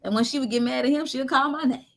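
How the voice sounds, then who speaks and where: A woman telling a painful personal story candidly, moving between animated talk and near-whispers. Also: sits high, fast talker, creaky. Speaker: guest. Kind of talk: emotional storytelling.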